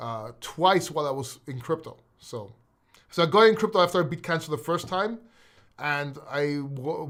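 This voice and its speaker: A man hosting a crypto live stream, speaking in a voice a bit higher than most men's. He is excitable and emotional, and he swears freely. He talks casually and directly to the viewers in his chat.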